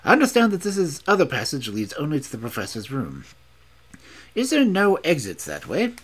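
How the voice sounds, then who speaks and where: A man voicing a shrewd detective who speaks briskly, probing and lightly ironic. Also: on the high side, wildly swooping pitch, a bit bright, slightly rough, heavily acted.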